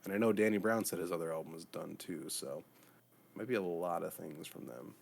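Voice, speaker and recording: A man co-hosting a podcast in relaxed, casual chat, full of fillers. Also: low voice, fairly quick, vocal fry, slight background noise. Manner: laid-back, many fillers. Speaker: podcast co-host.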